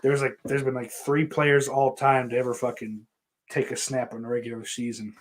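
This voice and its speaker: A man's voice: mid-range voice, flat delivery, normal speed. A man from hosting a podcast, rambling in casual chat, with lots of swearing, fillers and restarts. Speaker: podcast host. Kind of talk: casual chat answering viewer questions.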